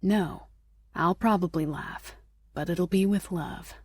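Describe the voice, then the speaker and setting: Audiobook voice, woman playing a commanding male sheriff, hushed, low, husky. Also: takes it slowly, dry recording. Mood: tender. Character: bossy, teasing adult male shifter sheriff.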